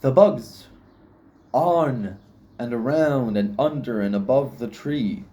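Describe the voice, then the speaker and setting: A man's voice: medium pitch, takes it slowly, dark tone, muffled recording. A young man rambling philosophically in a casual solo vlog, swearing often and laughing at himself. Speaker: vlogger.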